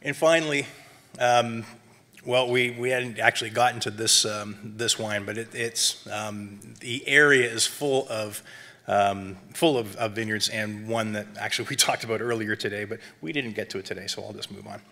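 A man presenting a wine seminar, talking in a chatty lecture style full of fillers and quick "right?" check-ins. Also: fairly low pitch, steady tone, pushed and bright. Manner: chatty, lots of um and tag questions; self-described academic.

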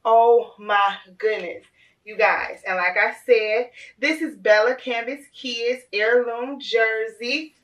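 Woman, 30s, casual unboxing vlog, gushing, higher voice. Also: slow pace, distant mic. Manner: gushing and excitable, addresses viewers as "y'all". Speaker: vlogger.

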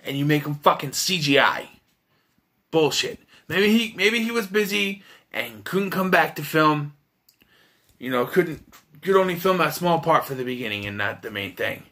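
A man's voice: fairly high pitch, expressive, normal speed, bright, forceful tone. A man giving a casual, blunt and profane spoken film review, with frequent restarts as he talks.

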